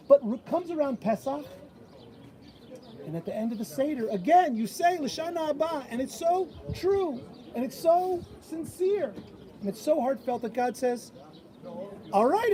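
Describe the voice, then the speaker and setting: A man giving a sermon at a bat mitzvah, telling stories and acting out the voices of people he quotes. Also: very high-pitched. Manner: animated storyteller who acts out quoted voices. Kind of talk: sermon with storytelling. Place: outdoors at an old stone wall. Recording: outdoor crowd noise.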